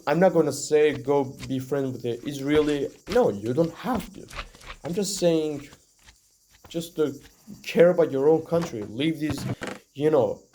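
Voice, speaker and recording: A man's voice: medium pitch, warm tone, slight background noise. A young man from Iran giving a rambling, earnest opinion monologue to the camera, full of "like" and "you know". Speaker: vlogger.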